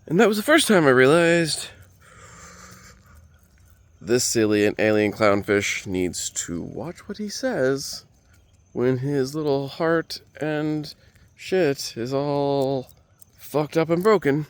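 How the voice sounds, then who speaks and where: A man's voice: medium pitch, very animated, slow pace, clean tone, dry recording. A man who is a comedian telling a rambling, self-mocking story, with frequent digressions and profanity.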